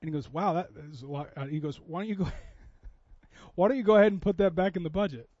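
A man's voice: high voice, fast talker, mellow, no echo, highs cut off. A man preaching a sermon in a church, telling a story in a conversational way that builds to impassioned preaching. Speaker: pastor.

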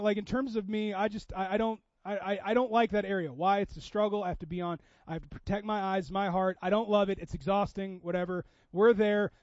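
High-voiced man preaching a sermon. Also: a little mellow, no echo, dull audio. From Seattle. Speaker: pastor.

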